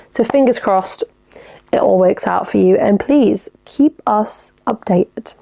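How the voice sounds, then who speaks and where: A woman's voice: medium pitch, takes it slowly, creaky, dark tone. A woman hosting a podcast, giving advice in a chatty, enthusiastic and sweary manner. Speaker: podcast host. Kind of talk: casual advice chat.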